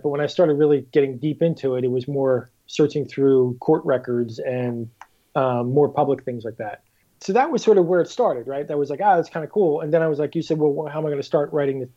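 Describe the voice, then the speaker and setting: A man guest on a casual podcast, telling stories in an animated way and acting out the people he quotes. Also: a little high, brisk, lo-fi sound. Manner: animated storyteller, acts out quoted voices. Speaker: guest author.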